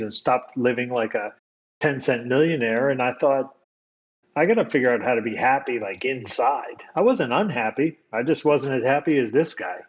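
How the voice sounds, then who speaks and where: American guy telling a story, easygoing and thoughtful, lots of restarts, kinda muffled lo-fi audio. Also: mid-range voice. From United States. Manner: relaxed and reflective, with fillers and repeated restarts. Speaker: guest storyteller. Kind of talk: casual conversational storytelling.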